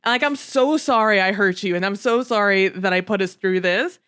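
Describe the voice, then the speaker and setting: A woman retelling the lines of a remorseful young vampire boyfriend, apologizing in a rush of earnest, pleading words. Her tone stays close to her own casual podcast voice, with her pitch in the middle of the range for a woman. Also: fairly quick, fairly bright tone, smooth, natural voice.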